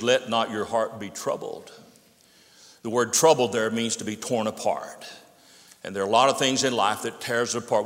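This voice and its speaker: A man preaching a sermon as pastor, telling stories and quoting with emphatic rises, then dropping low and quiet for solemn points. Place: church sanctuary. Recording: echoey sanctuary with long reverb.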